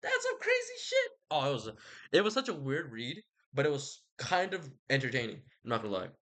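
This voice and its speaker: Young male host, casual slangy rambler, bright tone, lively pitch. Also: a little fast. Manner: rambling, animated, slangy, profane. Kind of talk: casual rambling book chat.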